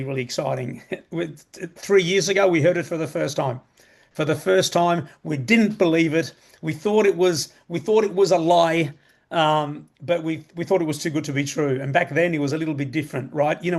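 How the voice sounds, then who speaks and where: A man's voice: fairly high pitch, vocal fry. A man hosting a live sales presentation, talking in an enthusiastic, conversational way, repeating himself and asking rhetorical questions. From Australia. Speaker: presenter of a membership opportunity.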